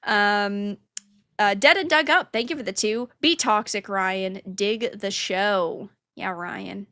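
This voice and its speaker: Bright, giggly female podcast co-host. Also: medium pitch, slow, no echo. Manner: giggly, chatty. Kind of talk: casual chat, reading donations.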